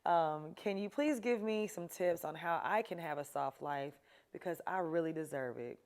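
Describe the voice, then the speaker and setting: A woman's voice: low voice, lively intonation, normal speed, a little mellow. A woman hosting a talk show, giving chatty, emphatic advice to her viewers and laughing often. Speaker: show host. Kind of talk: casual advice talk to camera.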